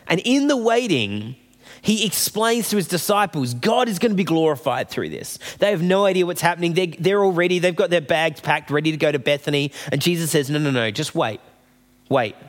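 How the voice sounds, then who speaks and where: A man giving a sermon in a conversational, storytelling way, acting out the people he quotes. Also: sits high. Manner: conversational storytelling preaching, voices quoted figures. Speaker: preacher. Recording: long reverb of a hall.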